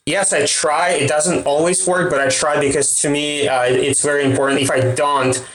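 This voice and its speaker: A man's voice: fairly high pitch, flat delivery, normal speed, reverberant, a crowd in the background, low-quality recording. A man in his thirties with a Russian accent, a startup founder answering interview questions hesitantly, with many fillers. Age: 30s.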